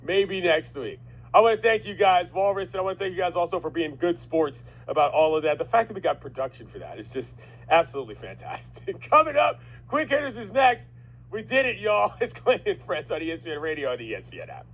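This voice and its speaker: A man's voice: high voice, sing-song, fast, fairly bright tone, low-quality recording. A man hosting a sports radio show, upbeat and laughing often as he reacts to callers.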